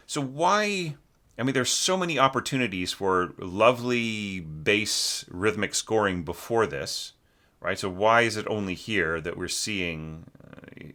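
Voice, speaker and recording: Low-voiced man critiquing a score. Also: sharp tone. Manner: sings musical phrases to illustrate, many fillers. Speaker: orchestration teacher reviewing a student score. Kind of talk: casual spoken critique.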